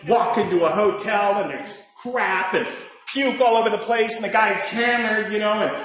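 A man in his sixties sharing his personal story with a live audience at a recovery meeting, animated and swinging between loud and hushed. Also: sits high, normal speed. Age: 60s. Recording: echoey hall recording.

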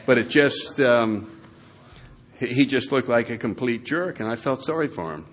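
A man's voice: mid-range voice, expressive, normal speed, a little hiss or hum. A man telling funny stories at a meeting, laughing and acting out the people in them. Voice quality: laughs through his stories, does loud voices for others. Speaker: recovering alcoholic sharing at a meeting. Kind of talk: lively anecdotal storytelling.

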